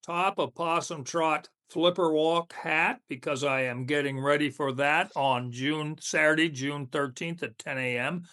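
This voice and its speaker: A man's voice: on the high side, steady tone, a little slow, hardly any pauses, pushed and bright. A man co-hosting a podcast in casual chat, laughing often and talking with his mouth full. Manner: chatty, laughs often, eats while talking. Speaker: podcast co-host.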